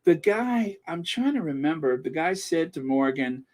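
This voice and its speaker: A man hosting a casual live stream, reading news and viewer comments in a chatty, excitable way. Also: a little high, moderate pace, few pauses. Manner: chatty and excitable, laughing often. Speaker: channel host and commentator.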